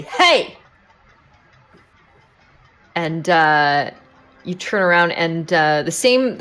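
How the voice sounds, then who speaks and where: Low-voiced woman narrating as game master. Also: fairly bright tone. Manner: hesitant, lots of ums and uhs.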